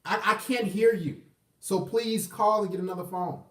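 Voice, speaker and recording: A man's voice: high-pitched, fairly even intonation, normal speed, a bit bright, distant mic. A man in his thirties hosting a casual call-in live stream, blunt and profane as he urges callers to talk. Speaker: call-in show host. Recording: echoey room, off-mic.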